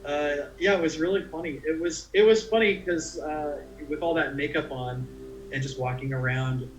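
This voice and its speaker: The commercial actor's voice is on the high side, with fairly even intonation and a moderate pace, as he tells rambling interview stories full of restarts. The muffled recording comes from an echoey room with faint music.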